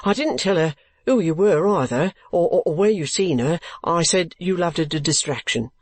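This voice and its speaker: An excitable, eccentric middle-aged clerk, as a male reader puts him on in an audiobook. He leaps up high in pitch and stammers with fluttering glee. The sound is dry and close. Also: moderate pace, no echo. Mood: exultant. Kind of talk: audiobook character voice.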